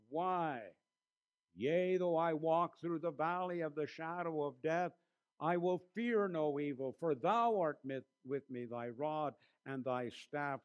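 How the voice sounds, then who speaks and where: A male pastor preaches a sermon in a slightly higher voice. He leans hard on key phrases, slowing each word. He sinks into a hushed tone when he tells a story. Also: clean tone, lo-fi sound. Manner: preaching with emphatic slowed phrases and quiet storytelling asides.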